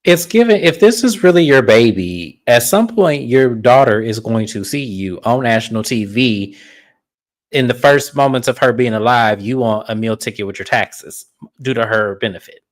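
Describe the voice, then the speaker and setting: A man co-reviewing a reality TV episode in casual, halting chat. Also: medium pitch, lively intonation. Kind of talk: casual commentary.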